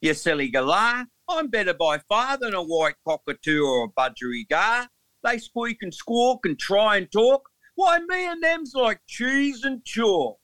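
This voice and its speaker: This is a cocky emu bragging in a put-on Australian accent, performed by a man, pitched high and bouncing through the lines. The tone is bright and the sound is dry and close. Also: very animated, measured pace, no echo, exaggerated voice. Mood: mocking. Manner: high, sing-song recital. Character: boastful Australian emu bird.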